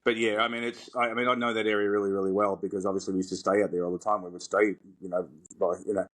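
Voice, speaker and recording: Fast-talking deep-voiced male co-host. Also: flat delivery, a bit bright. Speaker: podcast co-host, former tour caddie. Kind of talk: casual chat.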